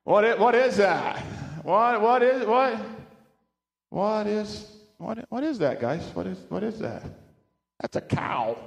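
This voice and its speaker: A male pastor preaching a sermon, animated, often restarting words and asking his congregation questions. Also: high voice, slow, gravelly, pauses often, roomy sound. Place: church sanctuary with speakers.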